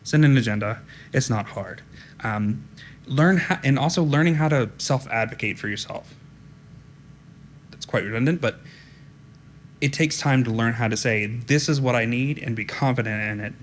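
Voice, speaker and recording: A man giving a conference talk in a flat, direct, informal way, often saying "um". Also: medium pitch, normal speed, pauses often, a little hiss or hum. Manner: direct, informal, frequent ums. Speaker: conference speaker. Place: conference room.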